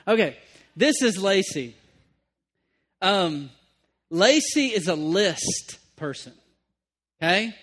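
A man with a high voice preaches to a congregation. He swings between punchy, emphatic stretches and quiet, earnest asides, and he keeps checking in with his listeners. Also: expressive, takes it slowly, pauses often. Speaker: pastor. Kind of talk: sermon.

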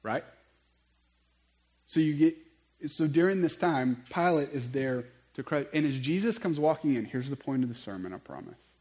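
A man preaching a sermon, telling stories in an animated way with conversational asides. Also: a little high, moderate pace, poor audio. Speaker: pastor.

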